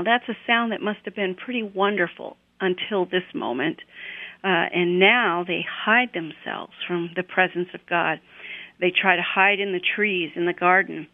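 A woman talks through a scripture passage on a radio program, unhurried and full of small restarts. Her voice comes through a thin, phone-like line with no room echo behind it. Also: on the low side. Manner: unhurried, with frequent fillers and restarts. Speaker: Bible teacher on a radio program. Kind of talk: conversational scripture retelling.

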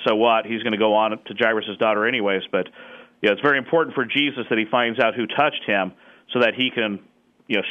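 A man's voice: fairly low pitch, phone-quality sound. A man in conversation, explaining scripture in a thoughtful way and often stopping to restart with fillers. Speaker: Bible scholar guest.

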